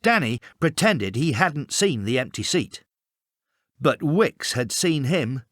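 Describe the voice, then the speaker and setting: A man reading a storybook aloud in a measured, expressive way. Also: mid-range voice, no echo, clean studio sound. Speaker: storybook reader. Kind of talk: storybook narration.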